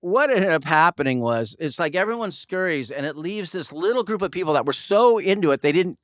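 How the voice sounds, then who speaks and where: A man with a somewhat higher voice hosts the podcast, telling stories with energy and speed. His voice sits dry and close on the mic. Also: no room sound. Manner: energetic, quick storyteller. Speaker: podcast host. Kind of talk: casual podcast storytelling.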